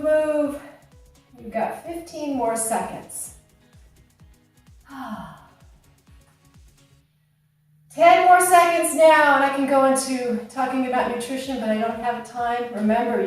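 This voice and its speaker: A woman in her fifties leading a workout, giving brisk, encouraging coaching cues. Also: a little high, far from the mic. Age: 50s. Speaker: fitness instructor. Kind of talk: workout instruction. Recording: very echoey room, voice off-mic, music behind.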